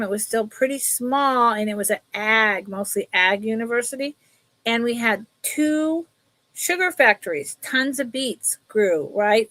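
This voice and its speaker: Slow-talking chatty woman selling jewelry. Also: a little high, fairly bright tone, rough recording. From California. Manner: chatty, rambling, talks to her cat and viewers. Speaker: live sale host selling vintage jewelry. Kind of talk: casual live-stream sales chat.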